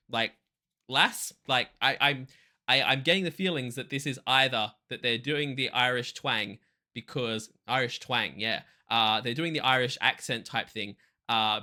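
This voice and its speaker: Enthusiastic man with a very bright voice. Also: medium pitch. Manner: enthusiastic, thinking aloud. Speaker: music reaction host. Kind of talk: casual reaction commentary.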